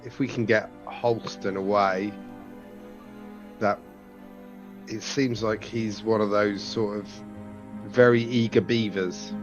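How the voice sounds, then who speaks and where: Slow, hesitant player. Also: male voice, lowish voice, fairly even intonation, dull audio, over music. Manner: slow, hesitant, thinks aloud. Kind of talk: casual tabletop game talk.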